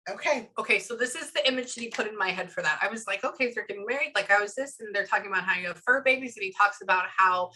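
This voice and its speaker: A bright, forceful woman's voice, talking fast and loose as a psychic medium during a casual reading. She rambles animatedly and keeps breaking off with quick asides before picking up the thread again. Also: mid-range voice, poor audio. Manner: chatty, animated, stops herself with frequent asides. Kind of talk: casual reading session with a client.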